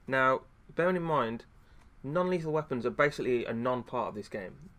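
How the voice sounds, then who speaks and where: A man's voice: medium pitch, lively intonation, normal speed, fairly bright tone. A man streaming, chatting casually in a frustrated rant with lots of fillers and restarts. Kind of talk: casual chat.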